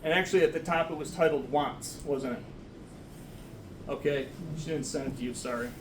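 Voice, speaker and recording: A man's voice: on the high side, moderate pace, roomy sound, recorded from a distance, background noise. A man, the son of the deceased, speaking at a memorial service in a church, rambling and self-deprecating. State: getting emotional. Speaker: son giving a eulogy. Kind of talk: memorial speech. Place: church sanctuary.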